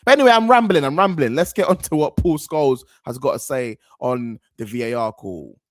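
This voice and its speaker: A man's voice: medium pitch, animated, a little fast, no echo, clean studio sound. A young man, giving slangy, rambling, outspoken reaction commentary as a football fan host.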